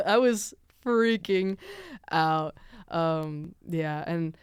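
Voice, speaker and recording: A woman's voice: lowish voice, expressive, drawn-out words, a little mellow, clear, resonant tone, no echo. Young Venezuelan woman, podcast host, rambling chatty storyteller with a dry, close sound. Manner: chatty, many fillers, laughs often. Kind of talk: casual storytelling.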